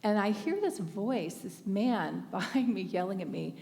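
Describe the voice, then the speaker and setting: A woman's voice: medium pitch, animated, unhurried, a little mellow, in a large hall. A woman from Northern California giving a storytelling sermon at a thanksgiving service, conversational and often laughing. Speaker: speaker at a spiritual thanksgiving service.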